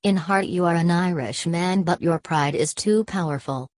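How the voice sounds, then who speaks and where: A woman's voice: fairly low pitch, moderate pace, a little mellow, dry recording, studio quality, close to an everyday voice. A woman voicing an earnest, simple-hearted young male nationalist from an audiobook novel, speaking plainly and pleadingly.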